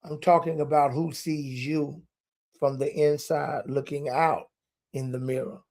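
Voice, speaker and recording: A man's voice: fairly high pitch, little pitch movement, a little slow, a little mellow. A man preaching live from a hotel room, stretching key words for emphasis and dropping folksy asides. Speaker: preacher and podcast host. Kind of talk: live-streamed sermon. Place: hotel room while traveling.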